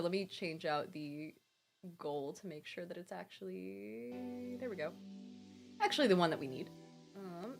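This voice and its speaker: A young woman hosting a charity live stream, reading out donations and chatting with bubbly, gushing excitement from her home computer. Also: lowish voice. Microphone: desktop streaming mic.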